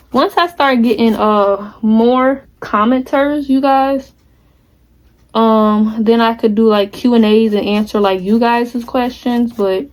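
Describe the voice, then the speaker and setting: A candid, chatty woman in her twenties talks straight to her viewers while working on a craft project. Her voice sits a little on the higher side, and she keeps it relaxed and unscripted. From United States. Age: 20s. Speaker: vlogger. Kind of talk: casual vlog chat while crafting.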